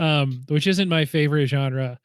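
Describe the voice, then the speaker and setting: A man's voice: fairly high pitch, a little slow, clear, resonant tone, no room sound, studio quality. A man co-hosting a movie podcast, chatting casually and hedging his guesses with self-deprecating laughs. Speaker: podcast co-host.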